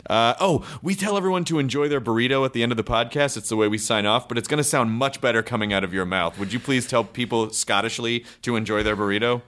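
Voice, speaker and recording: An American man hosting a podcast, interviewing casually with excited reactions and loose, swearing enthusiasm. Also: medium pitch, fast talker, few pauses. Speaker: podcast host.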